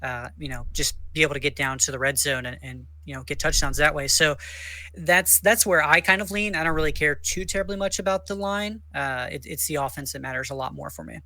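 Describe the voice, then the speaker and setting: A man co-hosting a podcast in casual chat, hedging his views and thinking out loud. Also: a little high, animated, brisk, no echo. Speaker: podcast co-host.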